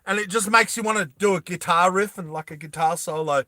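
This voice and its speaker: Bright-voiced man rambling through a story. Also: sits high, brisk, dry recording, studio quality. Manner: animated, laughing, rambling. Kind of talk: casual storytime retelling.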